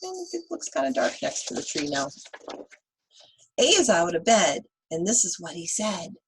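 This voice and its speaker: A woman teacher reading a picture book aloud to young children, animated and asking them questions. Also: on the low side, moderate pace, slight background noise, low-quality recording. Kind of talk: children's read-aloud lesson.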